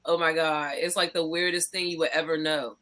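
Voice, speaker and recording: A woman guest on a podcast, chatting casually and telling animated stories, swearing freely and laughing often. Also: low-pitched, brisk. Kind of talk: casual chat.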